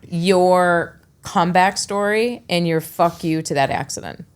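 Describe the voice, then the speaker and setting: A woman's voice: lowish voice, unhurried, clean tone. A woman hosting a podcast interview, chatty and encouraging, casually blunt in her wording. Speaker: podcast host.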